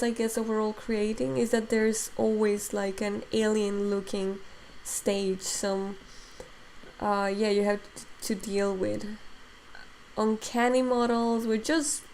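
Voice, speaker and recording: This woman's voice sits on the high side with a somewhat dark tone, and there's a slight hiss or hum in the recording. She's streaming a live digital sculpting tutorial, reading the chat and thinking aloud with many fillers. Her voice is strained and fading.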